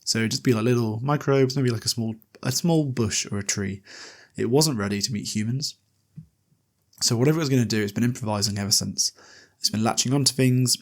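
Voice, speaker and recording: A man's voice: medium pitch, brisk. A man hosting a podcast, casually recapping a book chapter in a loose, chatty way with lots of fillers and the odd swear. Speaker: podcast host.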